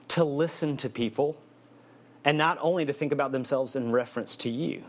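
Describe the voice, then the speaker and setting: A man giving a casual, humorous sermon that keeps coming back to one refrain. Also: mid-range voice. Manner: conversational and humorous, repeating a refrain. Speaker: preacher.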